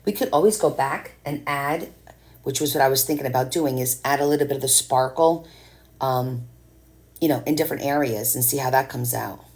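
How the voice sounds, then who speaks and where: A woman's voice: a bass voice, fairly quick, darkish tone. A woman chatting casually on a live stream as she paints, rambling and answering viewers' comments.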